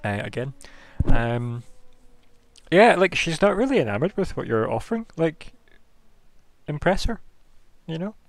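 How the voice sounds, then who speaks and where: A man's voice: a little high, big pitch swings, a little slow, long pauses, dry recording. A young man narrating as game master in a casual, joking way, laughing often.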